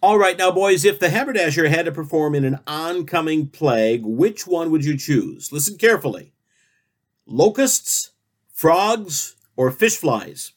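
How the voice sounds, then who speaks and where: A male comedy radio host with a raised, lively voice that swings up and down. He rambles through absurd tangents and silly questions, all delivered deadpan. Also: a little high, measured pace. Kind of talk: spoof talk-show interview.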